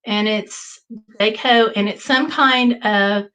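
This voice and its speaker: A woman hosting a casual livestream, telling a travel story in an animated way and reading viewer comments aloud. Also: mid-range voice, slow, poor audio. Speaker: livestream host. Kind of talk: casual live chat.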